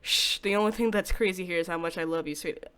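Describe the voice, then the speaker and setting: A woman voicing a soft-spoken, obsessive young man from a game, reading his lines aloud in a low, hushed, coaxing delivery. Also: steady tone, quick pace, clean tone, close to an everyday voice. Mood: menacing.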